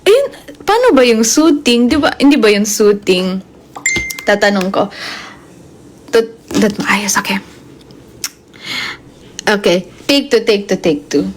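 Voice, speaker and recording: A woman's voice: mid-range voice, animated, measured pace, pauses often, slight background noise. A young woman with a Filipino accent chatting on a live stream at home, giggly and playful. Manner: giggly, playful, mixing English into Tagalog. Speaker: livestreamer. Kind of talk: casual chat on a live stream.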